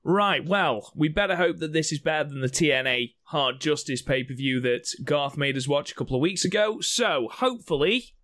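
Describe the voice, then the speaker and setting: A man's voice: a little high, lively intonation, moderate pace, fairly bright tone. A man co-hosting a casual watchalong podcast, joking, swearing freely and laughing often. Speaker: podcast co-host.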